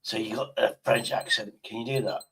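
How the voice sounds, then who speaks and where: Gravelly man, blunt and rambling. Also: fairly low pitch, fairly even intonation, fairly quick, a bit bright, a little hiss or hum. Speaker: streamer. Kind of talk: casual live stream chat.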